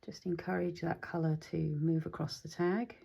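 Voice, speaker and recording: A woman hosting a craft tutorial, chatting casually and thinking aloud as she works, even talking to her supplies. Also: lowish voice, moderate pace, creaky, slightly rough. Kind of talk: casual demonstration while crafting.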